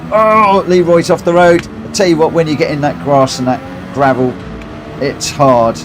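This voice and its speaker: A man's voice: fairly high pitch, takes it slowly, pauses often, music in the background. Chatty man streaming a racing game. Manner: chatty, laughs a lot, self-mocking. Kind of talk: casual live-stream commentary. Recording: noisy game audio behind voice.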